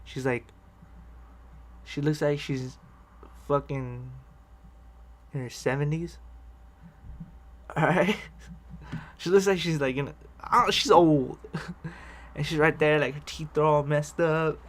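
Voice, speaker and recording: A man rambles through a personal story in casual vlog fashion, cursing freely and cutting himself off to restart. He chuckles often as he goes, and his voice sits a little higher than most men's. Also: slow pace, pauses often. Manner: rambling, profane, laughs often. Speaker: vlogger telling personal stories.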